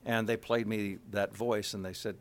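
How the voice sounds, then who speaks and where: A middle-aged male voice actor chatting in an interview, animated and full of fillers. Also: lowish voice, moderate pace. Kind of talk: casual interview chat.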